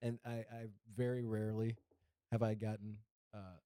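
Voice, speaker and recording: A man's voice: lowish voice, level tone, normal speed, mellow, clear, resonant tone, no echo, clean studio sound. A man co-hosting a podcast in a casual chat, blunt and profane. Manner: blunt and profane, talks over the other host. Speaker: podcast co-host.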